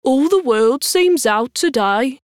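A woman's voice: sits high, expressive, slow pace, no room sound, clean studio sound. A woman doing a jovial storybook otter. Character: jovial, sociable male otter.

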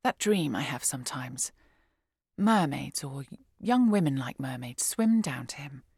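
A woman reading aloud, voicing a fragile, sorrowful English mother of fifty-six who speaks quietly and hesitantly. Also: extremely low pitch, lively intonation, unhurried, vocal fry, slightly rough, dry recording, clean studio sound, exaggerated voice. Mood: sad, subdued.

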